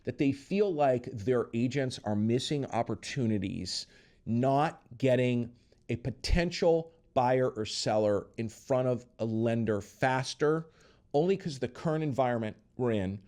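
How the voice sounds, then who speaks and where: Animated middle-aged man hosting an interview. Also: mid-range voice, unhurried. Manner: animated, acts out quoted voices. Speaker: podcast host. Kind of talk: casual interview chat.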